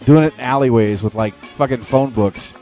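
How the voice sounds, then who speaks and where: A man's voice: medium pitch, moderate pace, dark tone, soft background music. American man hosting a loose radio chat. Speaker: radio show host. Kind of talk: casual radio talk.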